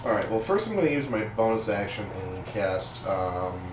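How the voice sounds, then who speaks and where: A player in a tabletop game, announcing moves hesitantly with many pauses. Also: deep voice, very animated, background noise. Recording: roomy, distant mic with background music.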